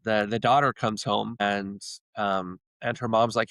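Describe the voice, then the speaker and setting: A man's voice: on the low side, little pitch movement, unhurried, a bit bright, clean tone, no echo. A man, a podcast guest, retelling stories in a rambling, casual way with many restarts. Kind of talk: casual storytelling chat.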